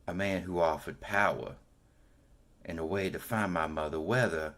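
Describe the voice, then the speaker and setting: A man voicing a vengeful woman who hunts for her lost mother, telling her tale in slow, brooding first person during a tabletop game. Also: low-pitched, fairly even intonation, a bit bright. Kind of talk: in-character monologue in a tabletop game.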